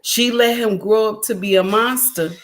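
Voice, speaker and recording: A middle-aged woman hosts a livestream and lectures her viewers in a preachy, emphatic way. She circles back to the same points over and over and speaks to her audience directly. Her pitch sits in an ordinary middle range. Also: fairly even intonation, moderate pace. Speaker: livestream host.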